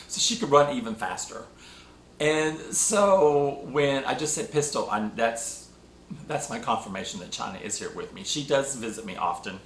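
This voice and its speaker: A man hosting a spiritual talk show, telling a personal story with emotional, animated delivery. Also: mid-range voice. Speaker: podcast host. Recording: echoey room.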